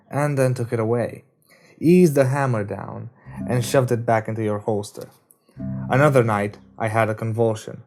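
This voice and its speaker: A man doing a wisecracking sardonic young man. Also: natural voice. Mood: somber. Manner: sarcastic, joking, louder and higher. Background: guitar music.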